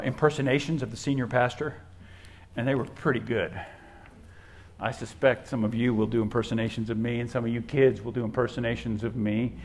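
Preaching in a mid-range voice, a male pastor repeats key words for emphasis, moves from booming to quiet, and adds homespun asides as he tells stories.

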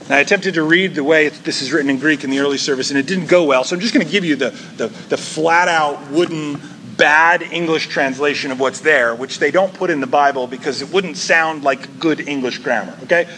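Bright-voiced man preaching emphatically. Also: fairly high pitch, brisk, few pauses, a little hiss or hum, rough recording. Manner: emphatic, conversational preaching with asides. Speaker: pastor. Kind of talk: sermon.

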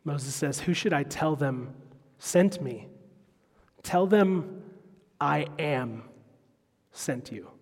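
Slow-preaching man in a reverberant hall. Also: a little high, husky. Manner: expository preaching, quoting scripture. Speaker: pastor. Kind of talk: sermon.

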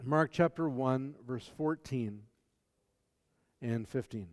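A man preaches in an easy, conversational way, full of small fillers and corrections. His voice sits in the middle range. The sound carries the long reverb of a large church hall. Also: normal speed. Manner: conversational, with fillers and self-corrections, turning soft and low in prayer. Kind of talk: sermon with Scripture reading and prayer.

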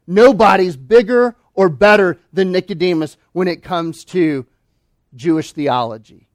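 High-voiced emphatic male preacher. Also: measured pace, no room sound, studio quality. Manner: emphatic, rhetorical questions, swings between loud and hushed. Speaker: pastor. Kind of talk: sermon.

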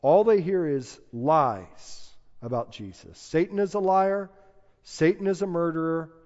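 A man preaching a sermon, slow and emphatic, building to loud peaks when he quotes scripture. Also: fairly high pitch, expressive. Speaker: pastor. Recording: dull lo-fi sound with long hall reverb.

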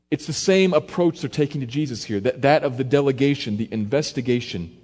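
A man's voice: medium pitch, quick pace, hardly any pauses. Man preaching in a reverberant hall. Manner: conversational, varies loudness for emphasis, acts out quotes. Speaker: pastor. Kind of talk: expository sermon.

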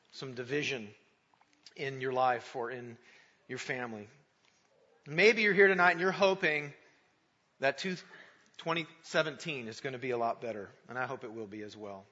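A man's voice: mid-range voice, slightly rough. A man preaching a Christmas Eve sermon, praying and telling a story in an earnest storytelling manner. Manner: storytelling, earnest and warm in prayer. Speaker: pastor. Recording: dull sound in a large reverberant church.

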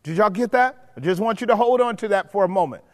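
Male Bible teacher with a high voice, forceful and repetitive, recorded with long hall reverb. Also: expressive, quick pace. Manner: emphatic, repeats points, checks in with listeners. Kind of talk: preaching Bible study.

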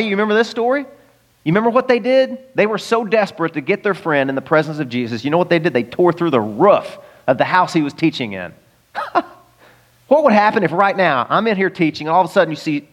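A man preaching a sermon in a church, conversational and animated, with jokes and rhetorical questions. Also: high-pitched. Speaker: pastor.

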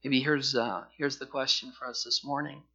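A man preaching a sermon to his congregation as their pastor, passionate, moving between loud emphasis and quiet pleading. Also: medium pitch, steady tone, moderate pace, slightly rough, highs cut off. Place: church sanctuary.

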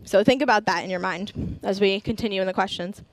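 A woman's voice: mid-range voice, brisk, no echo. A young woman giving an earnest sermon, sharing personal stories and reading scripture aloud. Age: young adult.

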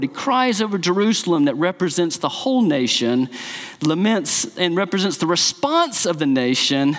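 A man's voice: high-pitched, big pitch swings, normal speed. A man preaching a sermon as pastor, impassioned, often lifting his voice to quote scripture with emphasis. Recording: long hall reverb.

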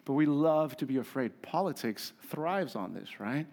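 A pastor preaching a conversational, emphatic sermon with humor and rhetorical questions. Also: male voice, mid-range voice, lively intonation, normal speed, darkish tone.

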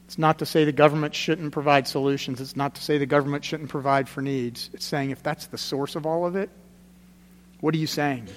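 A man preaching a sermon as pastor, conversational and emphatic, repeating his key points and dropping to a quiet, grave tone. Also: fairly high pitch, fairly even intonation, brisk, in a large hall.

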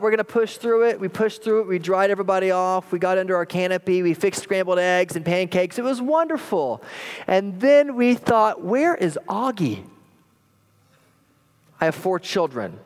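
Animated, fairly high-voiced male pastor. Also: clear, resonant tone. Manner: animated storytelling, wry and self-deprecating; slow, deliberate scripture reading. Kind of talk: sermon with a personal story.

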